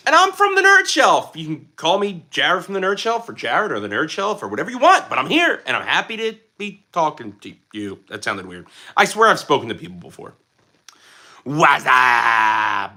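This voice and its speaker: Playful bright-voiced man hosting a livestream. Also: fairly high pitch. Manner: playful and goofy, slips into silly voices. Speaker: livestream host. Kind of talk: casual livestream chat reading comments.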